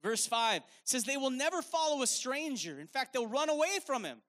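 High, bright-voiced man preaching. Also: normal speed. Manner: energetic, repeats phrases for emphasis; conversational, uses "man" and "like". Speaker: evangelist preacher. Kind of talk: sermon.

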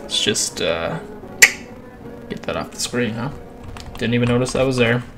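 A winded man talks over a game he is playing, cursing freely and letting out long sighs. His voice sits at an ordinary middle pitch. Clear game music runs underneath him. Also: normal speed. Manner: profane, crass, sighing often. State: out of breath. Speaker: gaming channel host. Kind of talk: let's play commentary.

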